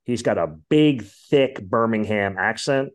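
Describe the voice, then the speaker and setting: A man's voice: on the low side, animated, measured pace. Guy rambling on a podcast about bands, lots of ums and likes. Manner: rambling, many fillers and asides. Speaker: podcast host. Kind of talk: casual music chat.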